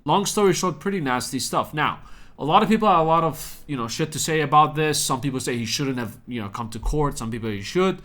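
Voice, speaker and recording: A man's voice: a little high, brisk, a bit bright. A young man hosting a casual commentary vlog, joking and crude in a chatty way. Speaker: commentary YouTuber.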